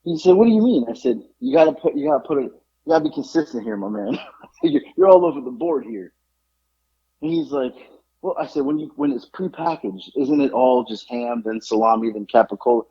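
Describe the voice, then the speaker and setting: A man's voice: mid-range voice, a little fast, slightly rough, highs cut off. A man co-hosting a podcast, telling a story in casual chat and acting out the people in it. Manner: animated, acts out quoted exchanges. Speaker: podcast co-host.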